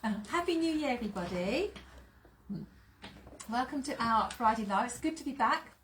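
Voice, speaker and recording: A woman's voice: on the high side, expressive, normal speed, a little hiss or hum. A woman from England hosting a casual sewing live stream from her sewing room, greeting viewers by name, chatting and laughing often.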